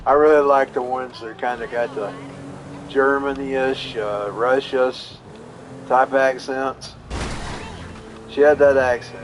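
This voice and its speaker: A man's voice: medium pitch, fairly even intonation, slow, pauses often, a little hiss or hum, low-quality recording. A man telling a long personal story in a casual, rambling way while live streaming, often repeating and restarting his words. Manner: rambling, folksy, repeats himself.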